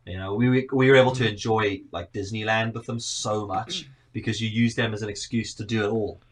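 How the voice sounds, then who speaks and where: A man's voice: fairly low pitch, steady tone, a little fast. A man in his thirties from South Africa, with a South African accent blended with Northern Irish, chatting casually and telling rambling, self-deprecating stories on a remote call. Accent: South African mixed with Northern Irish. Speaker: podcast guest. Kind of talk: casual chat.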